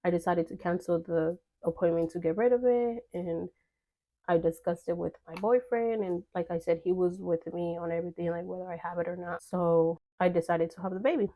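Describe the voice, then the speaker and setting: A woman's voice: fairly low pitch, fairly even intonation, brisk, mellow. A young woman telling a personal story in casual vlog chat, full of fillers and quoted dialogue. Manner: chatty, filler-heavy, acts out quoted dialogue.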